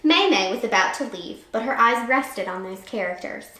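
Reading aloud to children, a teacher brings a picture book to life with animated, expressive delivery and occasional asides. Her pitch is on the high side and she speaks at a normal speed. Echo from the room fills the recording.

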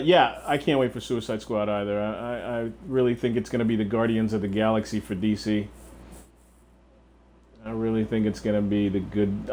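A man's voice: fairly low pitch, darkish tone. A young man livestreaming a video game, chatting casually and profanely while answering viewers. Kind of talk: casual gameplay chat.

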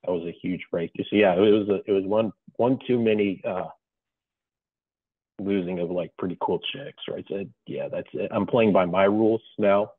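A man with a low, husky voice joins the chat as a former client. He talks in a relaxed way, with plenty of filler words. His voice comes through a narrow, tinny, phone-like line with a dry sound. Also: normal speed, no echo. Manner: relaxed, filler-heavy talk. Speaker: former coaching client, guest. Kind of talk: casual podcast chat.

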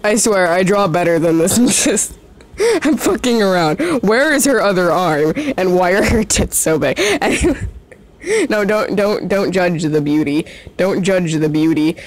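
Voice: medium pitch, lively intonation, measured pace. A teenager giving casual, giggly commentary while drawing, self-mocking and swearing often, often trailing off and starting over. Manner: rambling, trails off and restarts often. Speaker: drawing vlogger.

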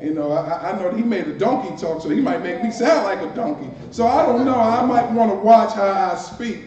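A man's voice: high-pitched, brisk, crowd noise. A male minister preaching a conversational sermon with playful asides and repeated words, accented from Washington D.C. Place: church sanctuary. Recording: distant, roomy, dull church recording with faint hiss.

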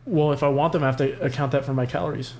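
A man's voice: a little high, fairly even intonation, rapid-fire, a little mellow, slight background noise. A young man co-hosting a podcast, chatting casually, rambling with lots of fillers and swearing. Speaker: podcast co-host. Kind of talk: casual chat.

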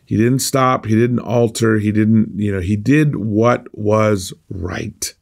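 A man's voice: on the low side, slow pace, gravelly, darkish tone. A man preaching an earnest, conversational sermon, often restarting his phrases as he explains a scripture passage. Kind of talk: streamed sermon.

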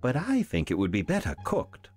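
A man voicing a fretful peasant mother who frets and wails in a high, anxious voice in a storybook reading. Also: huge pitch swings, moderate pace, darkish tone, slightly rough, heavily acted. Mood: calm.

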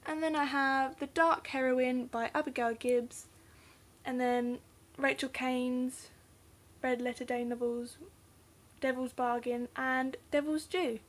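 Slow-talking high-voiced English woman. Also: little pitch movement. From England. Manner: rambling, unsure, trails off into mumbles. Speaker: book vlogger. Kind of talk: casual bookcase tour.

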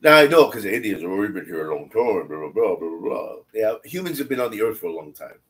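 Fast and sing-song, a man with a voice on the low side reads scripture aloud in a Bible study. Between passages he drops blunt, conversational comments, repeating phrases for emphasis.

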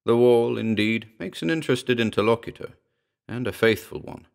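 A man narrating a scripted horror story in a measured, dramatic way. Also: medium pitch, creaky.

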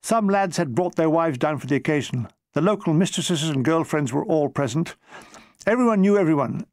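A man with a fairly high voice reads his own war memoir with wry, deadpan comic timing. The sound is close and dry, with no room echo. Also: moderate pace.

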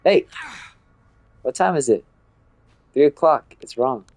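A man's voice: fairly high pitch, lively intonation, slow, a little mellow. A young man chatting casually while streaming a horror game, laughing often and switching between English and Spanish. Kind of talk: casual live gameplay chat.

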